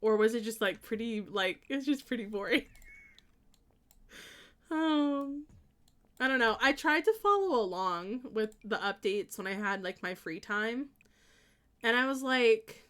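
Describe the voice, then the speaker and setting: A woman's voice: a little high, animated, a little slow, long pauses, fairly bright tone. A young woman streamer chatting casually with her viewers while she plays, laughing often and reading their messages aloud. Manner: bubbly, giggly, reads chat aloud. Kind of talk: casual chat while playing a game.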